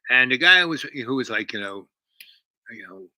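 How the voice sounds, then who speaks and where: A man retells a story in a loose, casual way, looping back through fillers and half-finished sentences. His voice is bright and forceful, and the sound is dry and close. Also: medium pitch, lively intonation, normal speed, dry recording, rough recording. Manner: rambling, many fillers and restarts. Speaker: host.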